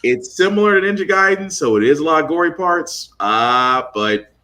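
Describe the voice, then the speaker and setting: A man hosting a casual gaming podcast, animated and quick to jump in with his own take. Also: fairly high pitch. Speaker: podcast host.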